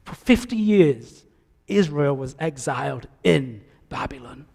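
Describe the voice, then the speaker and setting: A man preaching a sermon in a church, animated, swinging between loud calls and soft asides. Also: medium pitch, unhurried, gravelly, husky. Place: church sanctuary. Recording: echoey church hall.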